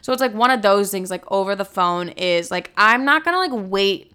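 A woman's voice: mid-range voice, expressive, moderate pace, bright, forceful tone, clear, resonant tone. A woman in her twenties telling a dating story in a casual, chatty way, full of "like" and swear words. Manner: chatty, heavy "like" filler, frequent swearing.

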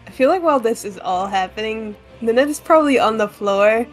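A woman playing a tabletop game, reacting to the action with exasperated exclamations. Her voice sits a little high. Faint music plays behind her. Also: animated, fairly quick. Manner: exclaims in disbelief. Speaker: player. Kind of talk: casual tabletop play.

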